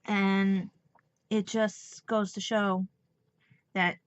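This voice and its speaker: A woman's voice: mid-range voice, little pitch movement, very slow, no echo, highs cut off. A woman with a New York accent talking emotionally in a rambling personal vlog, holding back tears. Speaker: vlogger.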